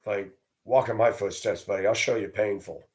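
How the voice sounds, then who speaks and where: This video host has a lowish, steady-toned voice at a normal speed. His monologue is a blunt, profane rant in which he turns combative and mocks others in a raised voice.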